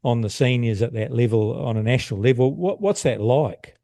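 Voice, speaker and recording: Male sports podcast host, warm mid-range voice, dry close mic. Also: mid-range voice, animated, a little fast, dry recording. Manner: asks questions with stumbles and restarts. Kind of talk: sports talk interview.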